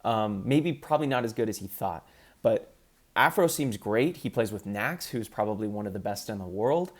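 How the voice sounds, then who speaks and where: A man's voice: lowish voice, expressive, moderate pace. A man in casual commentary, ranking competitive gamers in an upbeat, chatty way with frequent ums.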